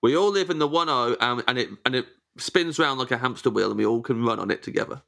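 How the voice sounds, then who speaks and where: A man's voice: mid-range voice, lively intonation, creaky, fairly bright tone. A playful male co-host chatting casually, his voice bouncing up and down with lots of melody. He jokes freely and breaks into giggles easily. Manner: giggly, playful, quick to joke. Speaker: podcast co-host. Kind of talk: casual chat.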